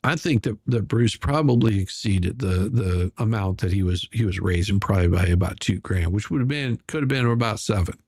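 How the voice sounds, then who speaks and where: Gravelly guy ranting sarcastic drama commentary, kinda rambly, dry close sound. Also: on the low side, normal speed, hardly any pauses, a little mellow, no echo. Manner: sarcastic, rambling, many restarts. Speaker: commentary channel host.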